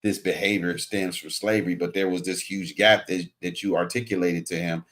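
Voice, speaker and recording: A man's voice: sits low, fairly even intonation, normal speed, fairly bright tone. A man hosting a heated panel debate, questioning pointedly and arguing back. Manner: pressing, argumentative questioning.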